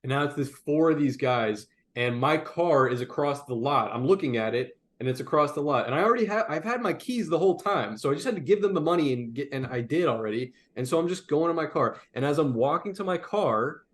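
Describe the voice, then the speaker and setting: Animated profane young man telling a story. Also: fairly high pitch, fairly quick, hardly any pauses. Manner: animated, profane, frequent "like" fillers. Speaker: podcast co-host. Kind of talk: casual storytelling chat.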